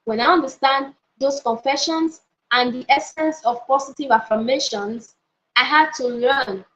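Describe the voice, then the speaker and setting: A woman's voice: high voice, measured pace, fairly bright tone, a little hiss or hum. A woman pastor giving a motivational teaching session, emphatic, often repeating key phrases and checking in with her listeners. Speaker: pastor and life coach. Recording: dull lo-fi audio.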